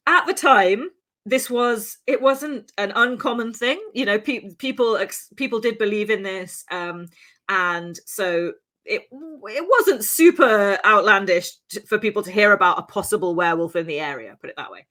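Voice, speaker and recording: A woman's voice: mid-range voice, expressive, moderate pace, bright, forceful tone. A woman hosting a podcast, telling a true-crime story in a casual, chatty way with many asides and fillers.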